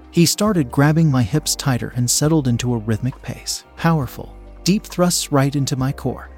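A man calmly narrating a first-person story in an even reading voice, at times hushed. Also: medium pitch.

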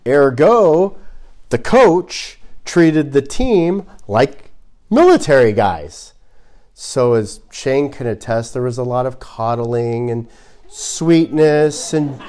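Animated conversational male preacher. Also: medium pitch, slow pace. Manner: conversational, animated, acts out quotes. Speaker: pastor. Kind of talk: sermon.

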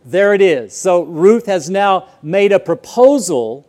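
A man's voice: high-pitched, animated, takes it slowly, a little mellow. A man preaching a sermon in a church, telling a story earnestly and repeating words as he restarts sentences. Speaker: pastor. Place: church auditorium.

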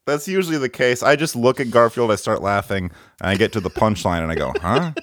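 A man hosting a podcast in a casual, comedic chat, playful and quick to laugh. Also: fairly low pitch, background noise. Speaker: podcast host. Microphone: remote call.

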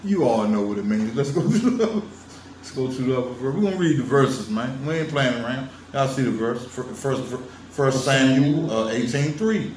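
A man lectures on religion in a casual vlog monologue aimed straight at his audience, emphatic, teasing and quick to laugh. His mid-range voice has lively intonation, a moderate pace and a slightly mellow quality. The distant mic gives a roomy sound with faint ambience and slight background noise.

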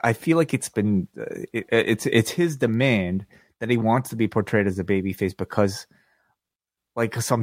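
A man's voice: medium pitch, no echo, studio quality. A man co-hosting a wrestling podcast, talking casually, agreeing readily and rambling with restarts. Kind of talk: casual chat.

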